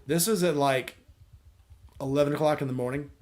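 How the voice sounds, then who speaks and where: A man's voice: fairly high pitch, brisk, pauses often, darkish tone. A man hosting a casual chat with friends, telling a long rambling anecdote full of quoted dialogue and restarts. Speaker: host.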